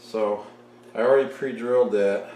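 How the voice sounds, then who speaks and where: A man's voice: lowish voice, steady tone, normal speed. A man talking casually to the camera as he builds in his workshop, half muttering to himself as he works. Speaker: DIY workshop host. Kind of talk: casual talk while working. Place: workshop, indoors. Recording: echoey workshop, far mic, tool noise.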